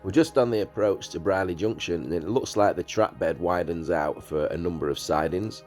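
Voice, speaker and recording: Voice-over man, very low voice, measured delivery, faint music underneath. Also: a little mellow. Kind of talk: scripted voice-over narration.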